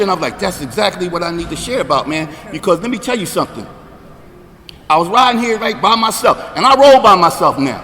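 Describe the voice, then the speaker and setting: A man in his sixties sharing his recovery story at a meeting, talking conversationally and checking in with the room, getting louder and emphatic on key points. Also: high voice, big-room sound. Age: 60s. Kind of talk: personal recovery share.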